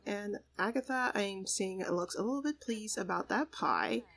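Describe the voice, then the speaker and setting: A woman's voice: mid-range voice, moderate pace, gravelly, few pauses, a bit bright. A woman hosting a let's play, giving casual, chatty gameplay commentary full of "like" and "you know". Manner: chatty, laughs often, says "like" and "you know".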